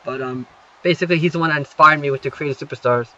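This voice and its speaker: High, bright-voiced swearing man rambling. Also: very fast, highs cut off. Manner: loose, swears constantly, lots of fillers. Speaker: self-styled GM recapping wrestling. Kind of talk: casual rambling commentary.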